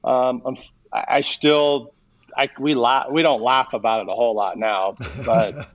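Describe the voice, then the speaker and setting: A middle-aged man, a baseball coach being interviewed, telling a long personal story in a halting way with many fillers and restarts. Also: medium pitch, steady tone, rough recording.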